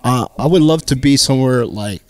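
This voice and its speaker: A Filipino Canadian man, a guest comedian, telling stories in a casual podcast chat with lively, profane energy. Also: medium pitch, fairly quick. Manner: animated storyteller, swears freely.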